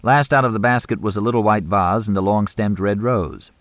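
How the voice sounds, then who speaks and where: Male audiobook narrator, measured, low and dry. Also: dry recording. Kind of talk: scripted narration.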